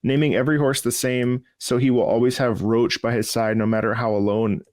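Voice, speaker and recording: A man hosting a casual interview, encouraging and quick to laugh. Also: medium pitch, level tone, darkish tone, no echo, clean studio sound. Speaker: interview host.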